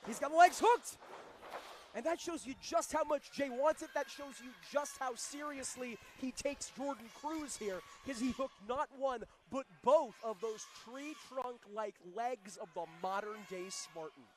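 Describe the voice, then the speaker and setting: High-pitched excitable wrestling commentator man. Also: a little slow, few pauses, slight background noise. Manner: excitable, shouts big moves.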